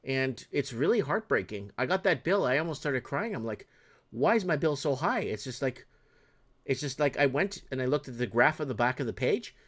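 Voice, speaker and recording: A Canadian man in casual chat, telling a story in an animated, exasperated way with stammering restarts. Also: mid-range voice, moderate pace.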